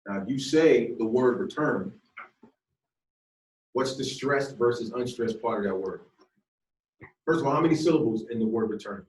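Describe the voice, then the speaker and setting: A man with a mid-range voice teaches a class conversationally at a moderate pace, pausing often and frequently turning questions back to his students. It's a classroom lecture picked up by a camera across the room, so the sound is distant and echoey.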